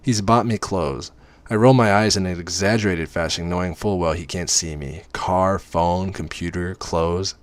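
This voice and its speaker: A man with a deep, low voice reads a first-person romance parody aloud. He narrates casually, now and then slipping in wry, offhand asides. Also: normal speed, no echo. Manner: wry asides mid-reading. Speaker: reader.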